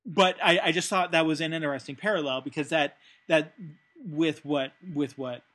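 A man's voice: fairly high pitch, fairly even intonation, normal speed, fairly bright tone. A man co-hosting a casual discussion, thinking aloud with frequent fillers and restarts. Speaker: podcast co-host.

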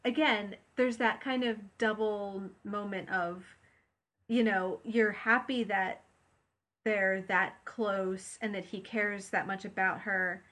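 A woman co-hosting a podcast talks in a relaxed, chatty way. She rambles through her thoughts with plenty of fillers and restarts. Her voice sits at an ordinary middle pitch. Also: takes it slowly. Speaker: podcast co-host. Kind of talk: casual chat.

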